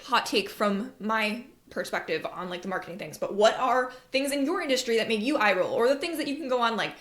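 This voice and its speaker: A woman's voice: a little high, fairly bright tone, reverberant. A woman hosting an advice podcast about marketing. She talks in a candid, chatty way, swears casually, and acts out the voices she quotes. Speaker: podcast host, marketing coach.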